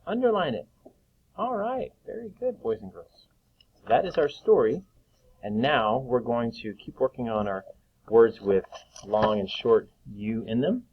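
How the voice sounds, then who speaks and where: A male teacher giving a reading lesson to young children, slowly sounding out words and encouraging them. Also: mid-range voice. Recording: dull lo-fi recording.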